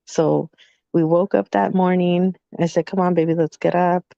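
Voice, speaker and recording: A woman's voice: on the low side, moderate pace, creaky, no room sound. A woman co-hosting a podcast, telling a family story in casual chat and acting out the voices in it. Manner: animated, acts out voices in her story. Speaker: podcast co-host. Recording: dull lo-fi sound.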